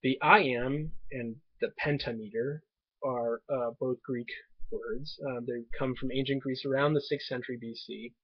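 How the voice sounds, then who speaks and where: A man teaching a lesson to a webcam, speaking in a measured way with frequent ums and restarts, recorded on a muffled webcam mic. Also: medium pitch, fairly even intonation, husky, no echo. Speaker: tutor. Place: indoors at home desk. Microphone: webcam microphone.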